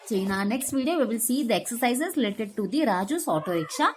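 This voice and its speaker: A woman's voice: fairly high pitch, animated, fast talker, a little hiss or hum. A woman teacher with an Indian English accent, reading a children's lesson aloud and explaining it line by line with playful sound words.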